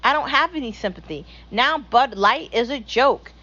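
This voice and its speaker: A woman's voice: a little high, expressive, moderate pace, bright, forceful tone, highs cut off. A young woman hosting her own show, ranting bluntly and profanely in a casual opinion monologue. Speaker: podcast host.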